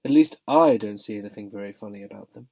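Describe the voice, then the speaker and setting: A man's voice: on the low side, quick pace, vocal fry, a little mellow. A man voicing a lazy panther who sounds dry and unimpressed. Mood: bored. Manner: dry, bored.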